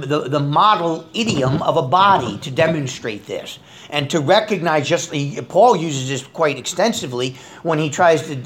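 A man's voice: a little high, fairly bright tone, slight background noise. A middle-aged man, a pastor leading a Bible study sermon in a conversational way, reading scripture aloud with rising emphasis.

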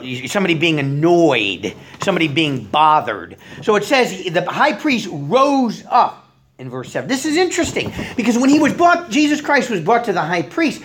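Rambling woman teaching scripture, lively pitch. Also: slight background noise. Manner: rambling, with many fillers and restarts. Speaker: Bible teacher. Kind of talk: informal sermon teaching.

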